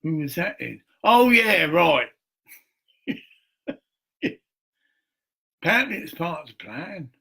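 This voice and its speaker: A middle-aged man talking in a rambling, crude monologue, swearing and laughing often, with a husky voice. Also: fairly high pitch, very animated, takes it slowly, long pauses, bright, forceful tone.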